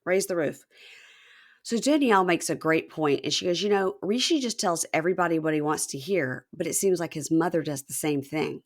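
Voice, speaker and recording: A woman with a fairly low voice hosts a casual chat. She recaps a show with energy and jumps her pitch up to act out what people said. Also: a little fast, hardly any pauses. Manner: animated, acts out quotes with raised pitch. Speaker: podcast host.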